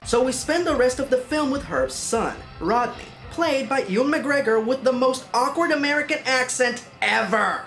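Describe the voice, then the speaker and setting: A woman's voice: high-pitched, animated, normal speed, few pauses, a bit bright, faint music behind. Sarcastic woman reviewing a film. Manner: sarcastic, exasperated. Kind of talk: comedic film review narration.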